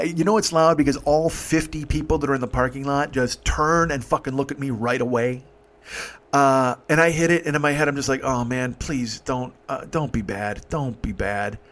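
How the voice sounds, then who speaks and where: A man's voice: a little high, fairly bright tone. Rambling, profane man in his fifties. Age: 50s. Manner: rambling, profane, many restarts. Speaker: comedian host. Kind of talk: storytelling comedy monologue.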